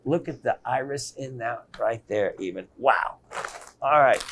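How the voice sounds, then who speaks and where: A middle-aged man hosting a gemstone shopping show, presenting pieces with excitement and repeating phrases for emphasis. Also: high-pitched. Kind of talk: enthusiastic sales presentation.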